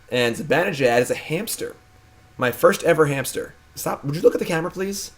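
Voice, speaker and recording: A man's voice: a little high, animated, brisk, breathy edge. Playful man hosting a live stream. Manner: playful, hypes and talks to his pet. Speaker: streamer and host. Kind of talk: casual live-stream chat.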